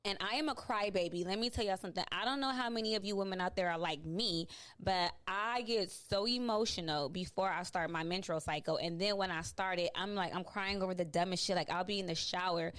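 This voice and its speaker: A woman's voice: on the low side, brisk, hardly any pauses, a bit bright. A woman hosting a podcast in casual, blunt chat, swearing freely and laughing often. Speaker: podcast host.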